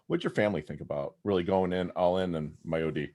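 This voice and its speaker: A man's voice: low-pitched, quick pace, dark tone. A man hosting a podcast interview, asking questions and encouraging his guest with short affirmations. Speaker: podcast host.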